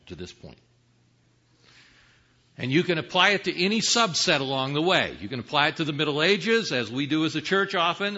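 Man, sermon, lively rising and falling voice, slightly high, husky, lo-fi sound. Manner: teaching Bible verses with rhetorical questions; swings from hushed to emphatic. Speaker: preacher. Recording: dull lo-fi sound.

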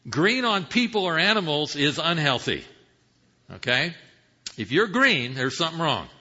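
A man preaching a sermon, teaching Bible passages with rhetorical questions, swinging from hushed asides to emphatic calls. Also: a little high, big pitch swings, moderate pace. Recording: dull lo-fi sound.

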